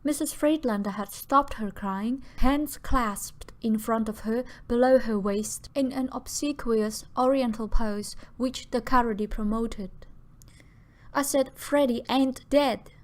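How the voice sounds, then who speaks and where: A woman narrating an audiobook in an expressive, measured reading voice. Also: on the high side.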